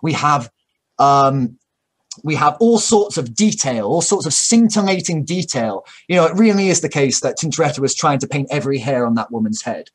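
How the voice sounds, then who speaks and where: A man's voice: a little high, expressive, normal speed, breathy edge. A man talking at length in a casual, opinionated way, full of fillers and restarts and the odd swear word. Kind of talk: casual discussion.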